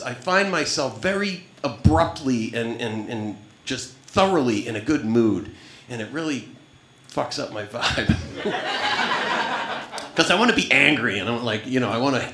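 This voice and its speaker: A man's voice: medium pitch, sharp tone, echoey room, slight background noise. A man in his thirties doing a stand-up comedy set, profane and wry, rambling and cutting himself off mid-sentence. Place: small comedy club stage. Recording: live club room with audience laughter.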